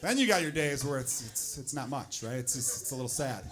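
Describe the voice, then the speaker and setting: A man in his thirties doing a blunt, animated stand-up comedy set on a club stage, acting out his own exasperated inner voice. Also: mid-range voice, fairly quick. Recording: noisy live room with audience.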